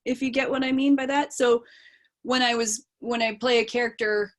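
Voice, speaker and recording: A woman's voice: a little high, fairly even intonation, normal speed. A woman actor with a Canadian accent, answering interview questions in a casual live video chat, thoughtful and rambling with plenty of fillers and restarts. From East Coast of Canada.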